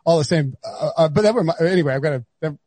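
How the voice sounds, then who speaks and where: A man's voice: fairly high pitch, fast talker, dark tone, dry recording. A man from North Carolina hosting a podcast in casual, rambling chat with many restarts. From North Carolina, USA. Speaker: podcast host.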